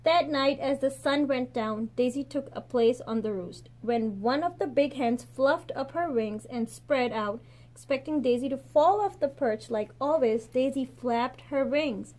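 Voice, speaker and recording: Expressive woman reading a picture book. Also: high voice. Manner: expressive, slows and softens at gentle endings. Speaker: teacher.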